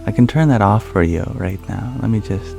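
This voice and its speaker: A man speaking softly and calmly as an ASMR livestream host, answering viewer questions. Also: fairly low pitch, normal speed, gravelly, faint music behind. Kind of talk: soft-spoken ASMR livestream chat.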